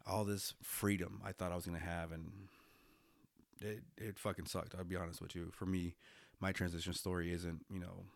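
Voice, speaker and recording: A man's voice: low-pitched, gravelly, no echo, studio quality. A man in his thirties, a military veteran, telling his own story bluntly, swearing often and restarting his sentences. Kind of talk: candid personal storytelling.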